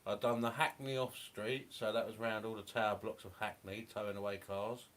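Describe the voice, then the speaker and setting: A man's voice: lowish voice, level tone, fairly quick, fairly bright tone. A man from England chatting casually, answering briefly and matter-of-factly. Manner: brief, matter-of-fact replies. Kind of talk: casual chat.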